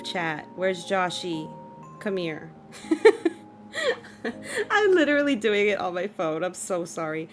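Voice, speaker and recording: Young female streamer, chatty and giggly, mid-range voice, soft music under her. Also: medium pitch. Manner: bubbly, chatty, quick to laugh and apologize. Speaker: livestream host. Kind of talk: casual livestream chat.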